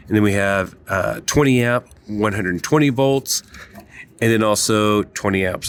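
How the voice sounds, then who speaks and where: Calm male vlog co-host, lower voice, measured delivery. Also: slight background noise. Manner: measured, hesitant, explanatory. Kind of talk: casual car review chat.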